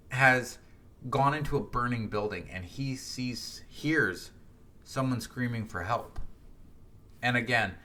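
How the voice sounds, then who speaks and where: Bright-voiced man talking through trauma. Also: medium pitch. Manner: conversational, frequent "right?" and restarts. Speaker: podcast host. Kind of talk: reflective solo podcast talk.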